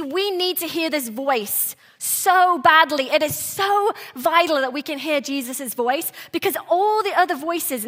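Bright, high-voiced woman preaching. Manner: earnest, soft-spoken with animated bursts and restarts. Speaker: pastor. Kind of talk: sermon.

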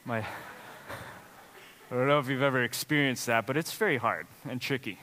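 A man's voice: medium pitch, moderate pace, sharp tone, long reverb tail. A man preaching a sermon as pastor, telling stories in a conversational way with plenty of fillers. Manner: conversational, storytelling with frequent fillers.

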